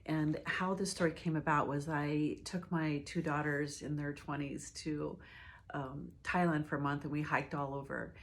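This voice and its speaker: A middle-aged woman, a hospice nurse, telling a personal story in a reflective, halting way with many fillers and restarts. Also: deep voice, steady tone.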